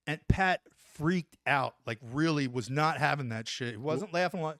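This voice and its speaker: A man in his forties, an army veteran guest on a podcast, telling an animated story and tagging lines with "right?". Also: a little high, normal speed, no echo, clean studio sound. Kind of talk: casual storytelling anecdote.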